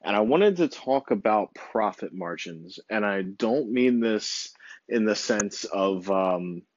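A man talks casually, working through his thoughts with hesitant fillers. His voice is on the low side, recorded dry and somewhat dull. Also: expressive, slow pace, no room sound. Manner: thinking aloud, hesitant, with fillers. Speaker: online seller. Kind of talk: casual talk to camera.

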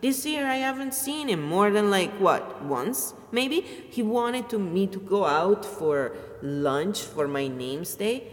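Middle-aged woman vlogger, foul-mouthed and blunt, mid-pitched, recorded with a long reverb tail. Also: big pitch swings, takes it slowly, hardly any pauses. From Italy. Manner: blunt, swears freely, rambling. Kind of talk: personal rant to camera.

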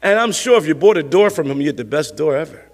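Preacher guy, fairly high voice, chatty sermon, echoey church hall. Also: lively intonation, fast talker. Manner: conversational preaching, rhetorical questions, repeats key phrases. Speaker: pastor.

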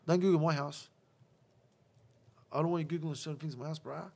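A man's voice: a little high, fairly even intonation, brisk, creaky, dark tone. A man in a heated casual argument, combative and profane, repeating himself to talk over the other person.

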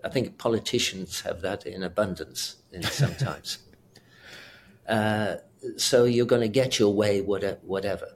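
A man's voice: fairly low pitch, unhurried, slight background noise. An older man with a British accent, a retired doctor rambling and chuckling as an interview guest. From South Africa. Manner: rambling, chuckling, self-correcting. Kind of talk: casual interview chat.

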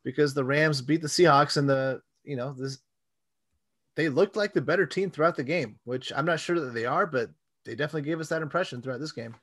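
A man's voice: a little high, brisk, fairly bright tone. A man co-hosting a casual sports podcast, laid-back and agreeable, his voice dropping to a mutter when he concedes a point. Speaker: podcast co-host.

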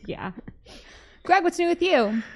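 A woman's voice: very high-pitched, expressive, slow, darkish tone. A woman hosting a podcast, telling a story in a chatty, giggly way with lots of "like". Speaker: podcast host. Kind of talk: casual chat.

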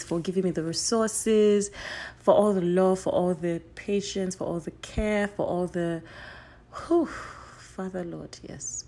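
A young woman hosts her own solo podcast in a somewhat low-pitched voice. She gushes at her listeners, repeating phrases for emphasis. Excited bursts give way to soft, trailing asides. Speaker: podcast host.

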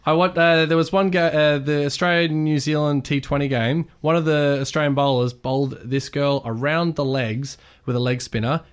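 Man, podcast co-host, eager casual chat, slightly high voice. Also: fairly even intonation, moderate pace, few pauses, clean tone.

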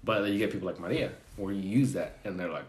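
A man's voice: low voice, fast, echoey room, crowd noise. A man telling a story among coworkers, repeating words for emphasis.

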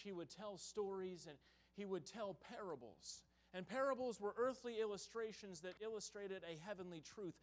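A traveling evangelist with a voice that sits high preaches a sermon in a church sanctuary. He tells it folksy and story-driven, bursting loud in places and dropping to hushed stretches in others.

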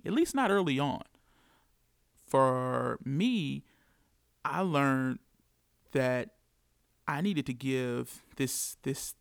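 A man's voice: medium pitch, creaky, clear, resonant tone, no room sound, clean studio sound. A man from the United States telling his story as a father in an earnest, reflective monologue, repeating key phrases for emphasis.

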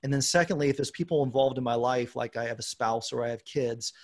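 A man in his forties hosting a podcast, telling a self-deprecating story in a lively way. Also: mid-range voice, fast. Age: 40s. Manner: animated storyteller, self-deprecating, acts out quoted dialogue. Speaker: podcast host. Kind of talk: casual podcast chat.

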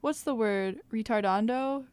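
A woman's voice: on the high side, measured pace, a little mellow, clean tone. Young woman rambling with giggles. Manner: giggly, rambling, searches for words. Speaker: co-host. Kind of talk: casual podcast chat. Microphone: studio microphone with pop filter.

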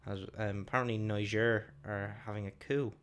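A man's voice: on the low side, fairly even intonation, moderate pace, fairly bright tone, clean tone. A young man, co-hosting a podcast, rambling and swearing freely in casual chat. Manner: rambling, sweary, laughs often. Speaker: podcast co-host.

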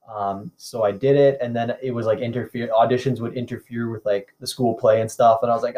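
Guest, male, young adult, from Canada; easygoing storyteller with lots of filler words, relaxed conversational delivery. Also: medium pitch, brisk. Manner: easygoing, rambling, frequent "like" and "um". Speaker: actor guest. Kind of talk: casual interview chat.

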